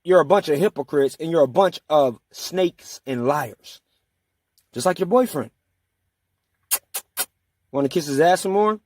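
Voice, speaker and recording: A man speaks in a somewhat high voice, taunting and profane as he rants at his critics on his own channel. The sound is dry and close, with no room around him. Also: animated, measured pace, long pauses, a little mellow, dry recording. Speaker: channel host. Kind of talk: angry ranting monologue.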